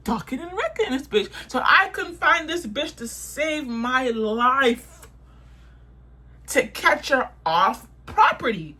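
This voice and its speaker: A young woman tells a storytime vlog in a bright, sharp voice. She vents heatedly, swearing and repeating her points for emphasis. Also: high-pitched, expressive, takes it slowly. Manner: heated, profane, repetitive venting.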